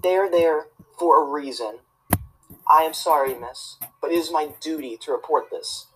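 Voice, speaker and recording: A woman's voice: deep voice, moderate pace, a bit bright, breathy edge, poor audio. A woman acting a prissy, rule-obsessed teacher's pet student in a comedy sketch, tattling and preaching about the rules. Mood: preachy, disappointed. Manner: tattling, self-righteous and preachy.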